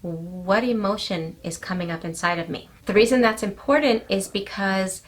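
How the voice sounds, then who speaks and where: A woman life coach calmly explaining steps to the viewer, often checking in with "okay". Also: medium pitch, moderate pace. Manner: calm, explanatory, addresses viewer directly with "okay". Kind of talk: coaching talk to camera.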